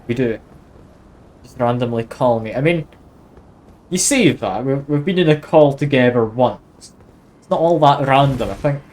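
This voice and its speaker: A man's voice: medium pitch, lively intonation, normal speed, long pauses, a little mellow, slight background noise. A man with a Scottish accent chatting casually with his viewers while live-streaming a video game. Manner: chatty, easygoing, talks to chat while playing.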